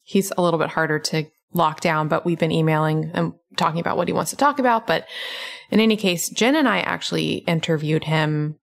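Low-voiced woman podcast host explaining. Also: vocal fry. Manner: explanatory and measured, speaking in long thoughtful sentences. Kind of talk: casual podcast chat.

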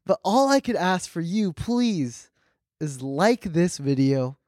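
A man's voice: on the high side, big pitch swings, takes it slowly, darkish tone, dry recording, clean studio sound. A man co-hosting a casual podcast, worn out after a long stream, playful and laughing often. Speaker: podcast co-host.

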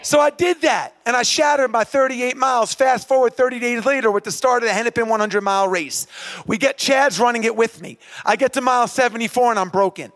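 A man telling a motivational story on stage in a lively, animated way that builds to shouting. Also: extremely high pitch, a little fast, some chatter behind. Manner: animated, rising to shouts at the climax. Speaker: motivational speaker. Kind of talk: live motivational storytelling talk.

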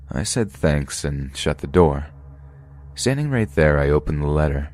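A man narrating true scary stories for a podcast in a steady, measured way. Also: rumbling low, soft background music.

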